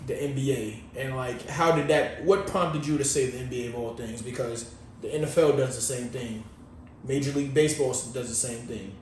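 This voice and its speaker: A man's voice: medium pitch, brisk, darkish tone, distant mic. Laid-back podcast guy, echoey and off-mic. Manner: laid-back, rambling, slangy. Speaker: podcast co-host. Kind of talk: casual chat. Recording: echoey room, off-mic, faint noise.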